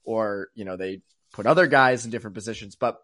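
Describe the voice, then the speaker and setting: A man's voice: fairly low pitch, fast, sharp tone. A young man co-hosting a casual sports podcast, rambling and self-mocking, laughing often between thoughts. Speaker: podcast co-host.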